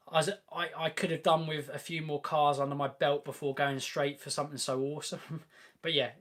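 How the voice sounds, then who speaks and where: Young male host, fairly high voice, casual and upbeat car-chat delivery, lots of ums. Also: fairly bright tone. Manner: chatty and enthusiastic, many ums and restarts. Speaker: host of a car channel live Q&A. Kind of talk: casual live-stream Q&A chat.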